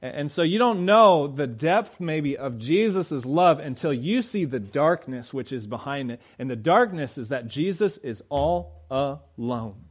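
A man preaching a sermon in a conversational way, with quick laughs and loud emphatic peaks. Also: fairly high pitch, expressive, husky. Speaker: pastor.

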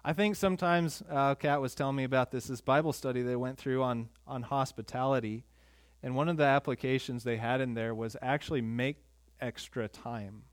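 A male pastor preaching a sermon in a conversational, earnest way, with quick asides to the congregation. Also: medium pitch, steady tone, dry recording, clean studio sound.

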